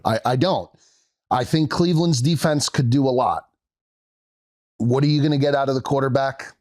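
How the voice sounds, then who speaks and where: A man co-hosting a podcast, chiming in with quick agreement and wisecracks in casual chat. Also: medium pitch, darkish tone. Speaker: podcast co-host.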